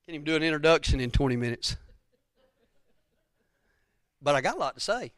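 A folksy preacher, a man, speaking in a fairly high voice. He rambles through his sermon with repeated phrases and asides. The sound is dry and close. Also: animated, brisk, a bit bright, no echo. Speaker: pastor. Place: church sanctuary.

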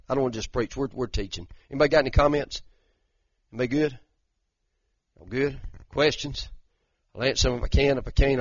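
An older man, teaching a conversational sermon as a pastor in a folksy, animated way that rises to emphatic bursts. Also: mid-range voice, no room sound, highs cut off. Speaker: pastor teaching a Bible study.

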